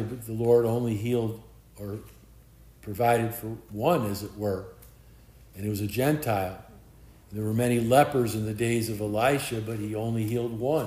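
A male pastor delivers a verse-by-verse sermon at a mid-range pitch, his measured teaching voice rising in emphasis when he reads scripture aloud. The room around him is echoey. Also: warm tone. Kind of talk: expository sermon reading and explaining scripture.

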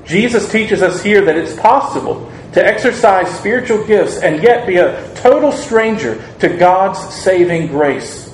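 A man preaching a sermon, earnest and measured, asking the congregation rhetorical questions and acting out quoted lines. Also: sits high, animated. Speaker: pastor. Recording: echoey room, faint ambient noise.

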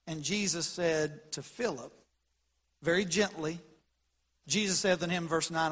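A man preaches with a high, ringing voice that carries through a long reverberant hall. His delivery is animated, and he climbs and grows louder whenever he quotes scripture. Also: a little slow, pauses often. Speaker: pastor. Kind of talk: sermon.

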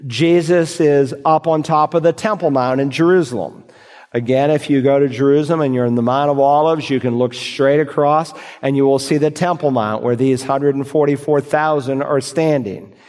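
A pastor preaching a sermon, reading scripture aloud and answering imagined objections from the congregation. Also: male voice, mid-range voice, steady tone, normal speed, darkish tone, in a large hall.

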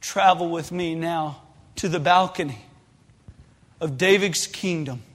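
A man preaching a sermon, passionate and rising to shouted pleas. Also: on the high side, measured pace. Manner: impassioned, builds to shouted pleas. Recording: long hall reverb.

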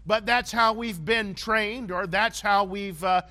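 A man preaching a sermon in a high, bright, ringing voice. He keeps it conversational, often pausing to check that his listeners are with him. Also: steady tone. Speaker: pastor.

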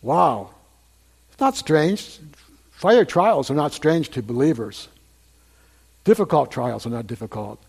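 A man's voice: a little high, animated, takes it slowly, gravelly, pauses often, a little mellow, breathy edge. An older man preaching a sermon to a congregation in a conversational way, repeating phrases and asking the listeners questions.

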